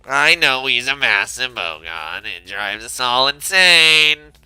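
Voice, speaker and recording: A man's voice: mid-range voice, very animated, slow, bright, forceful tone, clean tone, dry recording, soft background music, exaggerated voice, low-quality recording. A man voicing a blunt, skeptical woman lab chief in a fan dub.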